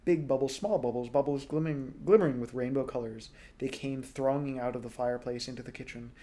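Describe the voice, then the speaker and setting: Man, storybook reader, relaxed, mid-range pitch, small self-corrections. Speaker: audiobook reader. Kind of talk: storybook read-aloud.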